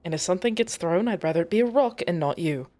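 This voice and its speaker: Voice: mid-range voice, lively intonation, quick pace, darkish tone, close to an everyday voice. A player voicing a protective, worried man adventurer in a tabletop game, warning a companion in an earnest tone. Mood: cautioning.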